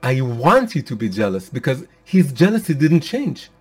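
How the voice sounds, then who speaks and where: A man's voice: mid-range voice, sing-song, normal speed. A man giving a weekly Torah class, teaching in an earnest, emphatic way.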